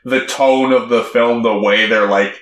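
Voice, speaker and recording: A young man co-hosting a podcast, chatting about a movie in a jokey way and breaking into high mock voices. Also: fairly even intonation, measured pace, fairly bright tone. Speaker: podcast co-host. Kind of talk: casual movie chat. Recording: echoey room.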